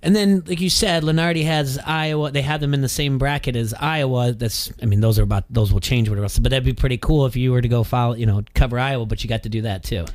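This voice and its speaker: Young male sports radio host, casual and self-mocking, quick to laugh. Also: medium pitch, darkish tone. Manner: rambling, self-deprecating, laughs often.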